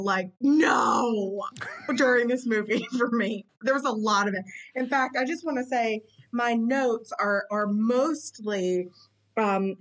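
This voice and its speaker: A woman co-hosting a comedy podcast in casual chat, expressive and exclamatory. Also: fairly high pitch, rough recording. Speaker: podcast co-host.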